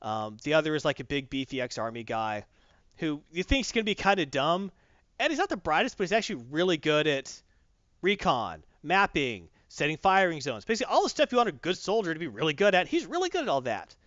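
A rambling, animated man with a raised, lively voice, chatting casually as a comics host. The recording is dry and slightly dull. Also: fairly high pitch, brisk, dry recording. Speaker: podcast host. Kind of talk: casual comic review chat.

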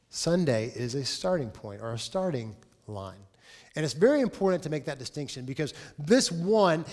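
Higher-voiced pastor preaching in a reverberant hall. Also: male voice. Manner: lively storytelling, acts out dialogue. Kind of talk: sermon. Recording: long reverb of a large hall.

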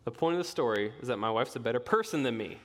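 Young pastor preaching in a reverberant hall. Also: male voice, mid-range voice, fast. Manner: conversational, self-deprecating humor, animated storytelling. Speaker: pastoral resident. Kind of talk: sermon with personal storytelling. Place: church sanctuary. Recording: long reverb of a church hall.

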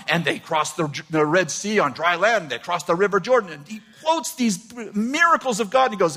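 An older man preaching a sermon, animated and laughing often as he quotes scripture. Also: high voice, brisk, hardly any pauses. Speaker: pastor.

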